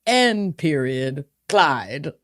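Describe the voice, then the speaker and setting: A woman's voice: low-pitched, sing-song, extremely slow. A woman co-hosting a podcast in casual chat, laughing often and rambling with plenty of swearing. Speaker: podcast co-host.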